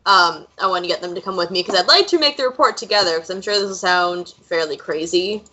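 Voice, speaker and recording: A woman playing a tabletop game, speaking politely and earnestly, sometimes pausing to search for words. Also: lowish voice, sharp tone, rough recording. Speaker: player. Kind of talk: tabletop game role-play.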